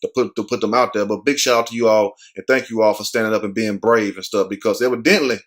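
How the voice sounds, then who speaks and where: A man's voice: lowish voice, fairly even intonation, fast talker, fairly bright tone. A man hosting a casual commentary vlog, talking in slang and acting out quoted people in put-on voices. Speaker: host.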